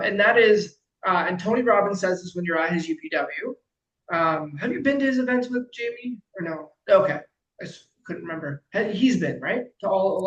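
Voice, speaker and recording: A man coaching a client in casual conversation, emphatic and animated, swearing freely and acting out quotes loudly. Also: high voice, roomy sound, muffled recording. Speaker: life coach.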